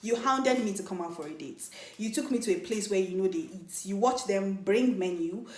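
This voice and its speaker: A young woman telling a dating story in a casual, animated vlog, often laughing and mimicking other people. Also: mid-range voice, moderate pace. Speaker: vlogger. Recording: echoey room.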